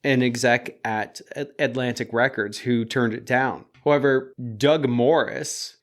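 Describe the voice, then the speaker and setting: A man's voice: medium pitch, fairly even intonation, a little slow. A man co-hosting a podcast, chatting casually, laughing easily and telling stories. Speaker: podcast co-host. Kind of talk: casual chat.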